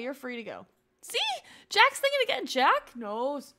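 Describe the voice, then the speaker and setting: A woman's voice: sits high, huge pitch swings, unhurried, pushed and bright. A young woman streaming a life-sim game, chatting and coaxing her characters along with frequent laughs. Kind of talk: casual gameplay commentary.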